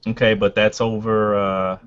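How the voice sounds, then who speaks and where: A man with a very low voice talks through his turn in a tabletop game, hesitant and filling pauses as he thinks. The sound is dull and lo-fi, like a voice call. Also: little pitch movement, clean tone, soft background music. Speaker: player. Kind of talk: casual tabletop game talk. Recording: dull lo-fi voice chat audio.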